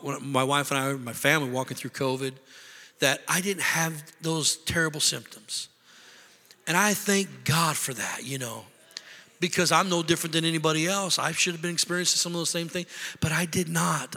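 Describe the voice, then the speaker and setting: A man's voice: a little high, bright, forceful tone. A middle-aged man preaching a sermon as pastor, impassioned and conversational, repeating himself for emphasis. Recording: long hall reverb.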